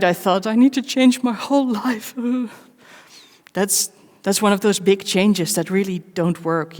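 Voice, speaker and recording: A woman giving a live conference talk, candid and personal, with wry self-mocking asides and measured pauses between short phrases. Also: lowish voice. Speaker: conference speaker. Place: large conference hall. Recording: long reverb of a big hall.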